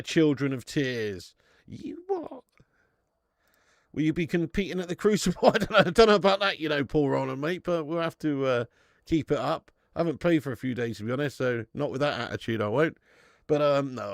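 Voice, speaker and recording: A man's voice: medium pitch, brisk, creaky, no room sound, studio quality. A man in his thirties hosting a live football watch-along, bantering with chat viewers and swearing casually. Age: 30s. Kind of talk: casual live-stream chat and match commentary.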